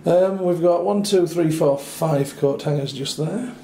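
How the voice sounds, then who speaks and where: Captured in an echoey small room with faint noise, this man speaks a little slowly in a mellow voice that leans high. He gives a travel-review walkthrough of a small hotel room, chatty and wry, with dry asides.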